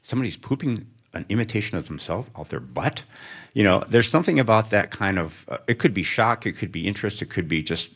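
Very deep-voiced reflective male writer. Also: expressive, fast. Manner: reflective, wandering, with wry asides. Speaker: writer, guest of an onstage interview. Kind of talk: answering questions before a live student audience. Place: hall with a student audience.

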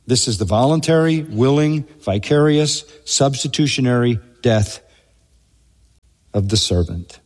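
A man preaching an expository sermon with emphatic rhetorical questions and slow, stressed lists. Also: medium pitch, darkish tone. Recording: long hall reverb.

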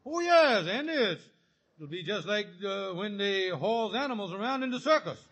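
An actor playing a scheming, fast-talking middle-aged husband in a 1950s radio comedy, wisecracking and stammering when cornered. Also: male voice, high voice, expressive. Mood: salesy. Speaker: lead comic character. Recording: scratchy old radio recording with hiss.

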